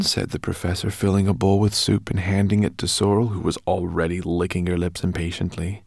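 Deep gravelly male storyteller. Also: monotone, a little fast, hardly any pauses, darkish tone, no room sound, studio quality. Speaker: audiobook narrator. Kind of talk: scripted narration.

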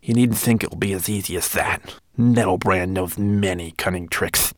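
A man's voice: sits low, normal speed, no echo, studio quality, close to an everyday voice. A man voicing a tiny, polite and anxious homunculus servant in a storybook reading. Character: tiny fussy servile homunculus.

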